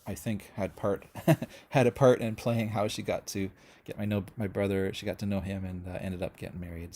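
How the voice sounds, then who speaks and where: A man's voice: lowish voice, darkish tone. Chatty Canadian man hosting a livestream. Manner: chatty, friendly, rambling with many fillers and restarts. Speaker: host of a music channel livestream. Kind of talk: casual livestream chat reading viewer comments.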